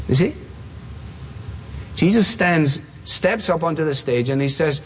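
A man preaching an expository sermon, stressing his points through repetition and slowing down for emphasis. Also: fairly high pitch, animated, a little hiss or hum. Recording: long reverb of a large hall.

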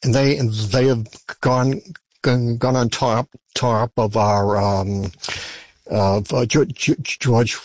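Male journalist, slow and halting, dry close sound. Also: medium pitch, steady tone, no room sound. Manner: hesitant, many fillers and restarts. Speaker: newspaper journalist guest. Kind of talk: radio interview.

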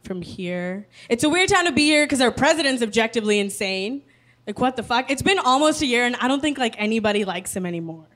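A woman's voice: fairly high pitch, lively intonation, fast, fairly bright tone. A woman from the United States doing a sardonic stand-up comedy set in a comedy club. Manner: sardonic, political jokes.

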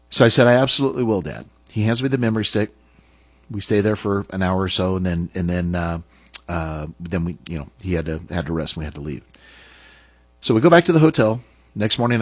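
Low, husky man telling a personal story. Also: no echo. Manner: earnest, halting, with restarts and pauses. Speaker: speaker sharing a personal story.

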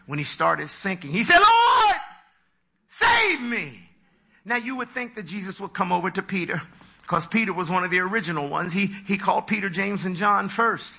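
A man preaching a sermon with dramatic delivery, acting out voices with big leaps in pitch. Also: a little fast, gravelly, heavy background noise.

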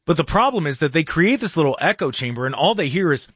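A man hosting a casual political talk radio show in a studio, animated and mocking, with jokey asides. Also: fairly high pitch, quick pace, slightly rough, no echo.

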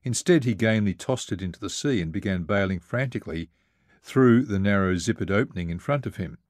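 A man with a lowish voice narrates a first-person travel memoir as an audiobook. He reads in a measured, vivid way. The recording is dry, with almost no room sound. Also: lively intonation, a little mellow, dry recording.

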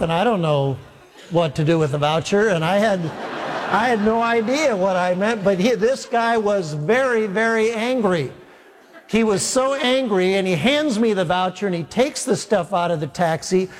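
A male pastor telling a wry, animated story during a sermon. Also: a little high, big-room sound. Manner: animated, wry anecdotal delivery.

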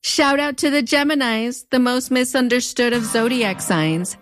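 A woman's voice: a little high, normal speed, a little hiss or hum. A woman in her thirties or forties with a fronterizo border accent, narrating a commentary in a wry, conversational way with playful asides. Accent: Mexican border (fronterizo). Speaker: video essay host.

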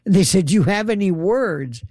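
A woman's voice: medium pitch, normal speed, no echo, studio quality. A woman telling a funny story in casual chat, laughing and acting out quotes with lots of energy. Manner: animated, laughing, dramatic quoted voices. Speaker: radio host guest.

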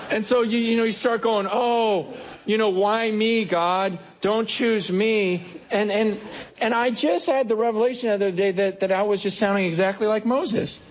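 A man preaching a sermon as pastor, animated and acting out the voices he quotes. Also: a little high, breathy edge.

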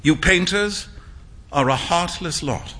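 A man reading a story aloud, voicing an earnest young gentleman with a sulky manner. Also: a little high, slow pace, exaggerated voice. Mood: earnest dismayed.

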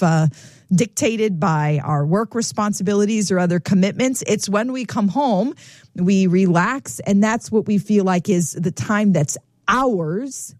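A woman's voice: medium pitch, a little mellow, no room sound. Female radio host, chatty and searching for words, dry studio sound. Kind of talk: radio talk show hosting.

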